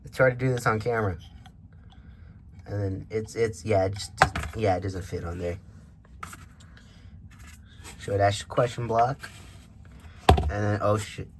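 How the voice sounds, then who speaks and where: A man's voice: fairly low pitch, steady tone, unhurried, pauses often, heavy background noise. A man reviewing a toy figure in a casual vlog, rambling and interrupting himself with frequent asides. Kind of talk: casual unboxing vlog chat. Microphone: camera microphone.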